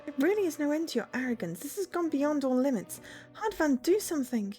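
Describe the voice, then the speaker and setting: This is a defiant young noblewoman who sounds shrill and accusing, read by a woman. The voice sits higher than the reader's own. A faint bit of music plays underneath. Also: big pitch swings, a little fast, mellow. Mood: indignant. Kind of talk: reading a visual novel aloud on stream.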